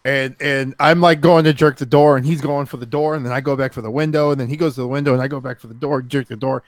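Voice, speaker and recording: This male co-host talks fast in a steady, mid-range voice, with no room sound on the recording. His casual, animated storytelling is full of profanity, and he acts out the other people in the tale.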